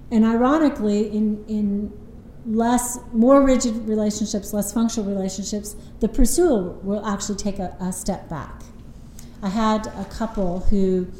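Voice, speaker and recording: A woman's voice: mid-range voice, dark tone, roomy sound, a little hiss or hum, low-quality recording. A woman couples therapist explaining relationship patterns in an earnest, conversational way, often retelling what her clients said.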